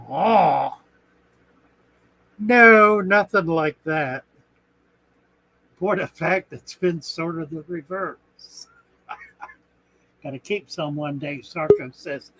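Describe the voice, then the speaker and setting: A man's voice: fairly high pitch, a bit bright, a little hiss or hum, rough recording. A man hosting a casual aquarium live stream, rambling and thinking aloud, with a chuckle now and then. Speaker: aquarium channel host.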